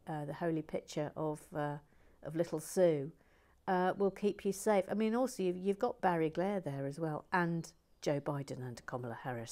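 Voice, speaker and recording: A woman with a low voice hosts a relaxed brick-building stream, chatting playfully, reading viewer comments aloud and making plenty of asides.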